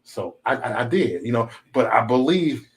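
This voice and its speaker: A man hosting a casual livestream chat, talking in a profane, animated way and slipping into mocking impressions. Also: mid-range voice, normal speed. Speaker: channel host.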